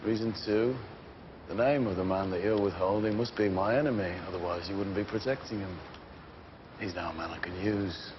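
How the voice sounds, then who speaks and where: An actor playing a controlled gang boss, clipped and measured, explosive when crossed. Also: male voice, fairly low pitch, background noise, lightly acted. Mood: cold. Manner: measured and clipped, then furious shouting. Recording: muffled series audio with loud ambience.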